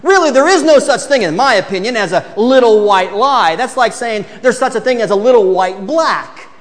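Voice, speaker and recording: A man's voice: extremely high pitch, lively intonation, normal speed, big-room sound. A man preaching a sermon, asking the congregation to read aloud and acting out excuses in mock voices.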